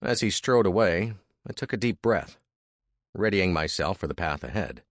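A man's voice: low-pitched, lively intonation, normal speed, dry recording, clean studio sound. A man reading a first-person historical story as narrator, with dramatic, vivid storytelling.

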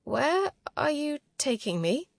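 A jumpy young woman space colonist, as a woman narrator raises her voice for her. She speaks slowly and haltingly, with a higher and tighter tone than the narration of the storybook reading. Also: big pitch swings, no echo, heavily acted. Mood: fearful. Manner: slow, dry-mouthed and halting.

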